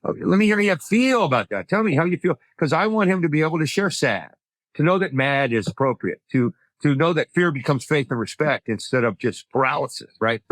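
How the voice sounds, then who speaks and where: A man's voice: on the high side, expressive, fairly quick, fairly bright tone, no room sound. A man, a comedian guest, telling stories in conversation, acting out voices and building to punchlines. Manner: acts out voices in his anecdotes, punchline-driven; frequent self-repeating restarts. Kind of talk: animated conversational storytelling.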